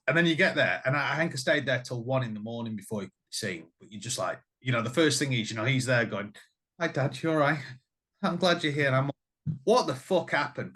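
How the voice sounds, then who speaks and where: A middle-aged man, a musician chatting casually and telling animated, swearing stories full of acted-out voices. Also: medium pitch. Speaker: band musician, guest. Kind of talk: casual chat.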